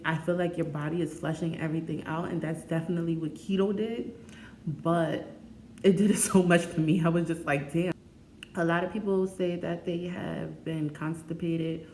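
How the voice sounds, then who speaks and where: A woman's voice: fairly low pitch, a little mellow, a little hiss or hum. Frank, chatty woman vlogger, echoey room. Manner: frank, chatty, laughs often. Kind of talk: candid casual vlog talk. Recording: echoey room with faint ambience.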